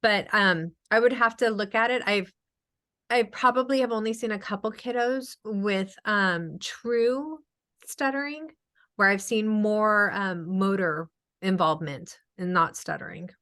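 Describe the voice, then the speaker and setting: A woman's voice: medium pitch, a little slow, sharp tone. A woman speech-language pathologist answering questions in a casual webinar, chatty with frequent ums and acted-out quotes.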